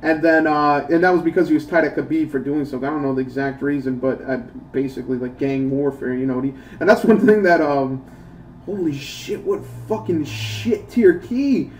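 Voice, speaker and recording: A man, a gaming YouTuber, giving a casual, profane, animated rant with bursts of laughter while he plays a mobile game. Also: medium pitch, fairly quick, hardly any pauses, distant mic, a little hiss or hum.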